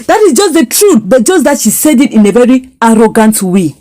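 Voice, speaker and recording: A woman's voice: on the high side, big pitch swings, a little fast, dark tone. A woman recapping a drama series, emphatic and indignant, hammering her points with repeated phrases. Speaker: series reviewer. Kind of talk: storytelling recap and critique.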